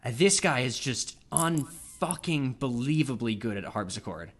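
A man's voice: mid-range voice, lively intonation, unhurried. A man co-hosting a casual podcast, telling a story in a rambling way full of uhs, restarts and laughs. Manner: rambling, self-interrupting with many uhs and laughs. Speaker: podcast co-host.

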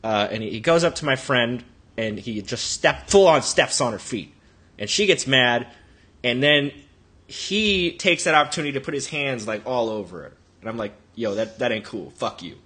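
Man, podcast co-host, bright husky voice, rambling swearing storyteller. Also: medium pitch, animated, moderate pace. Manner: rambling, profane anecdote-telling.

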